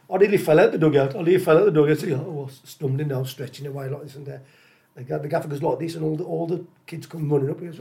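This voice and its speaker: Chatty man telling lively anecdotes. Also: a little high, fast, gravelly. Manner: chatty, animated anecdotes with acted-out dialogue and laughter. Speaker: interview guest, former footballer. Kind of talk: casual storytelling.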